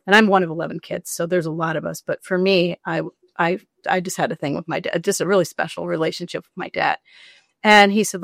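A woman's voice: lowish voice, a little fast, creaky, no room sound, clean studio sound. A woman author being interviewed, telling a personal story in casual chat and acting out the people she quotes. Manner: animated, acts out quoted voices, rambling.

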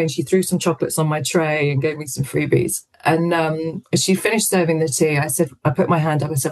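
A woman who is a guest on a radio show, telling a story with lively energy. She moves between her own narration and the lines people said, with some hesitations along the way. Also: deep voice, fast talker, few pauses, low-quality recording. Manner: lively anecdotal storytelling, acts out quoted voices. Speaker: guest, businesswoman and author. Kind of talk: storytelling in an interview.

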